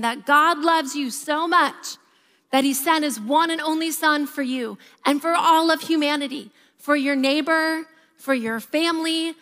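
A woman in her thirties, a pastor giving a sermon and telling stories with a lively, varying pace. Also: sits high. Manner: lively storytelling, varied pace. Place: church auditorium. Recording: reverberant church hall.

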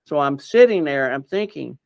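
As an interviewee, a man earnestly tells a personal story in a rambling, casual way, with many fillers and restarts. His fairly high voice is expressive, with vocal fry, at a moderate pace and with no room sound.

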